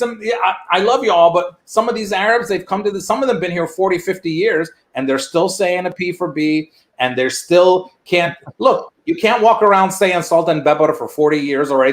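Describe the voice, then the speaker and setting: A man performing a stand-up comedy set online, telling animated stories and mimicking his immigrant father. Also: on the high side. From United States. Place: virtual event, video call.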